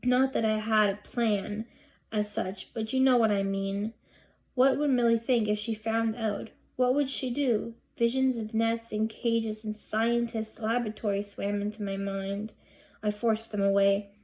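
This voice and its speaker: A woman's voice: fairly high pitch, steady tone, unhurried, a little mellow. Woman narrating a children's book. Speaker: audiobook reader. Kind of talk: storybook narration.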